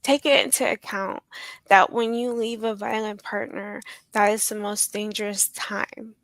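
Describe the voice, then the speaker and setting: A woman guest in an interview, telling a personal story in a halting, emotional way with many pauses. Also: medium pitch, steady tone, a bit bright, dry recording.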